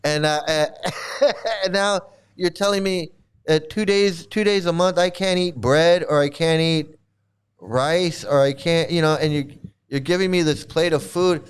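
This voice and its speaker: A man chatting casually and rambling, swearing freely, often laughing and mimicking others in quick asides. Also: fairly high pitch, clean tone. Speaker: streamer answering chat. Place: home in Thailand.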